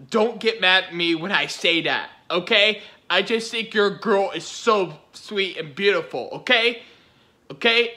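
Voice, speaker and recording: A man's voice: high-pitched, pushed and bright. A man giving giggly, rambling reaction-video commentary, gushing over what he watches.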